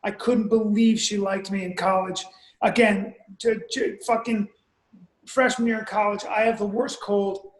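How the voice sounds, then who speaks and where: A man's voice: high voice, level tone, measured pace. A man co-hosting a podcast, telling blunt, profane, exaggerated stories in a casual chat. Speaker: podcast co-host. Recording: roomy echo.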